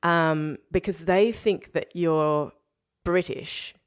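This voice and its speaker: A woman talks through a casual podcast chat in a voice pitched a bit low. She is animated, laughs often and breaks off to restart her sentences. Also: takes it slowly, smooth. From Australia. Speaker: podcast co-host.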